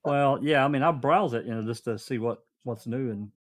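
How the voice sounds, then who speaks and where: A man co-hosting a livestream with a middle-pitched voice. He jokes around and rambles loosely, restarting his sentences. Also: a little fast. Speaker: stream co-host. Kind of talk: casual chat on a livestream.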